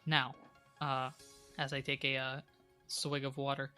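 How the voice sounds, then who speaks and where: A man's voice: mid-range voice, completely flat delivery, measured pace, sharp tone, clean tone, faint music behind. A man running a tabletop game as game master, talking casually with fillers. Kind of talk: tabletop game narration and podcast outro.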